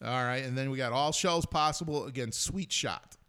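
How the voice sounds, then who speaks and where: A man's voice: medium pitch, moderate pace, bright, forceful tone, clear, resonant tone. A man hosting a casual podcast, chatting and leading the segment from a studio. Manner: chatty, leads the bracket picks. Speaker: podcast host.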